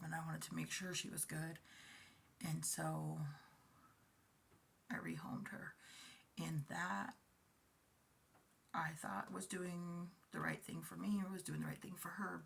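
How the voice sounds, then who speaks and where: A woman in her forties giving a personal, confessional talk to camera, speaking softly and haltingly, often near a whisper and emotional at times. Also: sits low, creaky, husky. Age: 40s. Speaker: vlogger.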